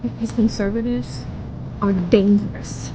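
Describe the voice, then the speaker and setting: A woman's voice: medium pitch, steady tone, a little slow, noisy background. A woman speaking scornfully and preachily from inside a car. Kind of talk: opinion social media video.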